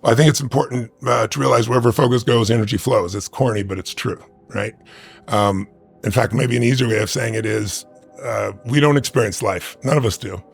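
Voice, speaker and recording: Man with a very gravelly voice, motivational speaker, emphatic storytelling, faint music behind. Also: medium pitch, fairly quick. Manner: emphatic, conversational, with frequent "right?" asides. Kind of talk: interview answer with personal storytelling.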